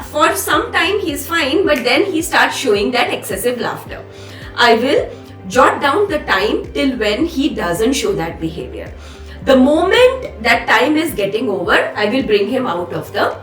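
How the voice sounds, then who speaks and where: A woman's voice: on the high side, a bit bright. A woman pediatric neurologist with an Indian English accent, patiently explaining to parents and repeating the key steps through examples. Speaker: pediatric neurologist and behavior analyst. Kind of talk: explanatory parent guidance talk. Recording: roomy echo from some distance with faint music.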